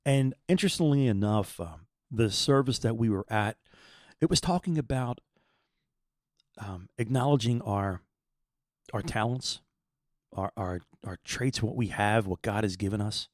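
A man's voice: fairly low pitch, animated, a little slow, long pauses, a little mellow, dry recording, clean studio sound. A man in his fifties telling a personal faith story in an earnest, rambling way, often repeating words as he searches for them. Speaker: podcast host.

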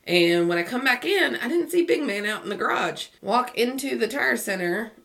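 A woman from West Virginia, co-hosting a podcast and telling a story in animated casual chat, acting out the voices of the people involved. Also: a little high, moderate pace, gravelly. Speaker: podcast co-host.

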